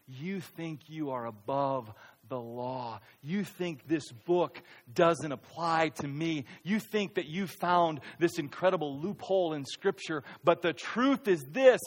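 A man preaching a sermon as a pastor, swinging between loud, high-pitched outbursts and quiet, low delivery. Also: slow pace. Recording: reverberant hall.

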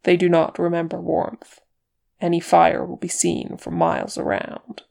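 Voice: medium pitch, monotone, measured pace, creaky, a little mellow. A reader doing Legolas, a solemn elf scout. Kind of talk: audiobook character reading.

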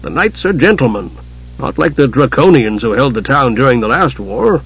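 A man reading an audiobook, voicing a gentle innkeeper husband who speaks quietly and soothingly in a husky voice. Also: mid-range voice, very animated, moderate pace, highs cut off, full character voice.

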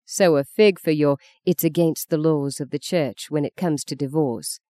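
Blunt, ironic old mother voiced by a woman narrator, knowing and pointed; dark, dry tone. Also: deep voice, moderate pace, no echo, natural voice. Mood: scornful. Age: older.

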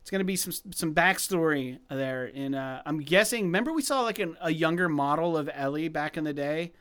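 Male co-host, loose excitable gamer chatter, rambles and restarts. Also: a little high, brisk, smooth. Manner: rambling, filler-heavy, excitable. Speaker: podcast co-host. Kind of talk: casual gaming chat.

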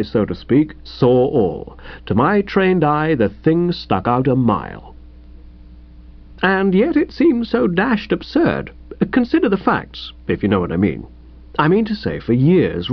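A man's voice: mid-range voice, dry recording. A man reading a comic first-person story in a breezy, chatty way. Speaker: audiobook reader. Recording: dull dry recording.

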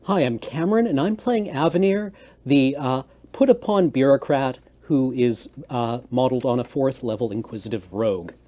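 A man's voice: medium pitch, normal speed, dark tone. A man playing a tabletop game, speaking hesitantly and politely. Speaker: player. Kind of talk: casual tabletop play.

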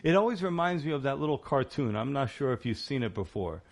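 A man's voice: mid-range voice, very animated, quick pace, gravelly. A man preaching a sermon, earnest and encouraging, often asking the listeners rhetorical questions. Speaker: pastor.

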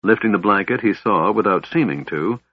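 A man narrating a fantasy audiobook in a measured storytelling manner. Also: fairly low pitch, expressive, husky, lo-fi sound.

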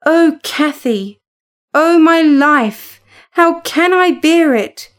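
A woman's voice: high voice, lively intonation, drawn-out words, voice pushed up, heavily acted. A woman reading the lines of a passionate, brooding young man in a storybook, urgent and commanding. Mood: anguished. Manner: urgent, pleading then commanding.

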